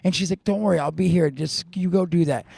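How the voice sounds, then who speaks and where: A man's voice: high voice, quick pace, vocal fry, darkish tone, no room sound. A man in his forties telling a rambling, profane story in casual chat, laughing often and acting out quotes. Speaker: podcast co-host.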